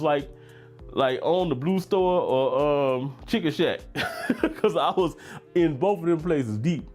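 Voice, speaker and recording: A middle-aged man with a Louisiana drawl, relaxed and talkative, hosting a fragrance livestream at a medium pitch. His voice comes with faint music playing underneath. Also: measured pace. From Baton Rouge, Louisiana. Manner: laid-back, chatty, reads chat comments aloud with frequent laughs. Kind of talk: casual livestream chat.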